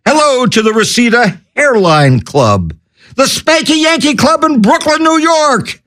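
A man with a high, wildly swooping voice hosts a comedy radio show. He works through wacky shout-outs and corny one-liners at an unhurried pace, breaking into manic yells. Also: sing-song. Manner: manic, wacky, cracking corny jokes and yelling. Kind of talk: zany comedy radio patter.

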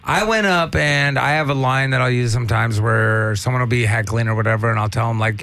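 A man's voice: medium pitch, a little fast, a bit bright. A man, a stand-up comedian, telling rambling, profane stories in casual chat.

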